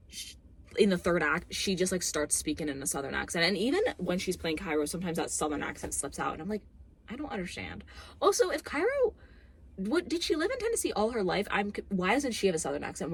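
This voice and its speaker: A young woman ranting casually about a movie, sarcastic and expressive, swearing often. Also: on the low side, fast, husky. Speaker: movie reviewer.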